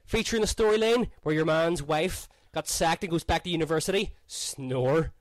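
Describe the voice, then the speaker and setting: A man's voice: on the high side, moderate pace, no room sound. A young Northern Irish man co-hosting a podcast in casual, teasing banter, laughing often. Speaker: podcast co-host.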